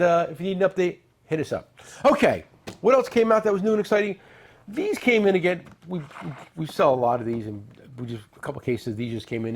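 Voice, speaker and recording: A middle-aged man hosting a tool show, chatting casually and joking as he pitches products and tells stories. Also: creaky, slight background noise. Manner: joking, rambling, salesy with asides. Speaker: tool dealer and show host. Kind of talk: casual product talk and storytelling.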